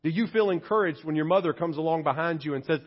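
A male pastor delivering a relaxed, conversational sermon, switching now and then into playful acted voices. His voice sits high and has a husky edge. The recording sounds a little dull, like ordinary church audio. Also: fast. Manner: conversational, playful, acts out quotes in funny voices.

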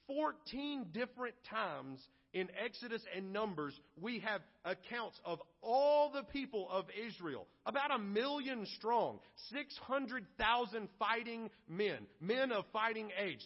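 A man preaching a sermon as pastor, animated and acting out the grumbling voices of the people. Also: high voice. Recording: lo-fi recording with long hall reverb.

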